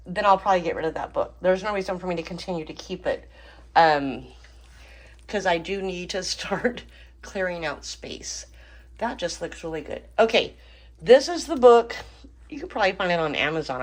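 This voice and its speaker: A woman hosting a home cooking channel, talking casually with frequent ums and small laughs. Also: fairly low pitch. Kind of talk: casual cooking vlog chat.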